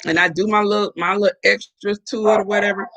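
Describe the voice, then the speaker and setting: A woman's voice: mid-range voice, steady tone, quick pace, fairly bright tone. A middle-aged woman hosting a casual morning live stream, chatting playfully and answering viewer comments.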